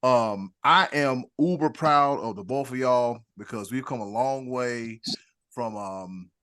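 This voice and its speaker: A man's voice: medium pitch, slow pace, sharp tone, clear, resonant tone. Man, podcast host, rambling, emotional hype-man introductions. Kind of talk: casual sports podcast chat.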